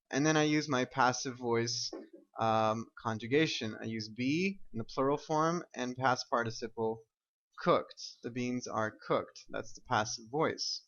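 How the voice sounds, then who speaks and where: A man's voice: medium pitch, fairly bright tone, highs cut off. A man teaching an English grammar lesson, explaining step by step and often checking with "right?" and "okay?".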